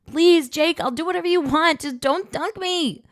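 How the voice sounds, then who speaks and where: A woman's voice: a little high, very animated, normal speed, dry recording, studio quality, voice pushed up. A woman doing a squealing, teasing young heroine. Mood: panicked squeals. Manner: bright, squealing protests.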